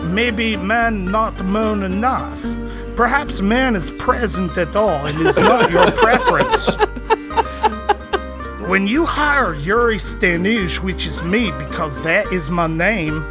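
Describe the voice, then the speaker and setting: A drunk man voicing a sleazy male adult-film maker in broken English, with a clumsy put-on accent and a pitchman's delivery. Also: sing-song, very slow, few pauses, over loud music, exaggerated voice. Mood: salesy.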